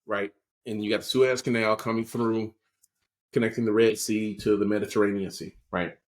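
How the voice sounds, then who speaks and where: A podcast co-host, male, speaks at normal speed with a fairly low pitch and fairly even intonation. He explains current events in a casual political chat, frequently checking in with "right?"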